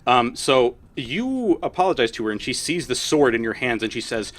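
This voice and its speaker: A man's voice: medium pitch, very animated, moderate pace, fairly bright tone. A man running a tabletop game as dungeon master, narrating in a casual way and laughing now and then.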